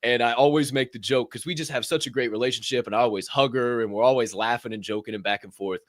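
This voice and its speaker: A young man co-hosting a podcast, telling stories loudly and swearing freely in casual chat. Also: mid-range voice, fast talker, no echo, studio quality. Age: young adult. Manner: loud, animated storyteller, swears freely. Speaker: podcast co-host. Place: podcast studio.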